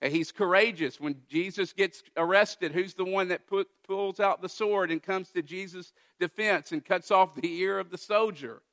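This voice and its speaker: A man preaching a sermon, retelling a Bible passage with lively, emphatic quoted dialogue. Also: high-pitched, moderate pace, hardly any pauses. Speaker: pastor.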